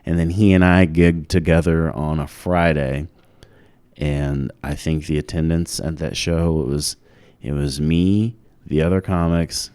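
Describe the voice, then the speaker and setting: A man's voice: extremely low pitch, fairly even intonation, measured pace, darkish tone, clear, resonant tone, no room sound. A man, a stand-up comedian guest, telling stories in a laid-back, rambling way in casual podcast chat.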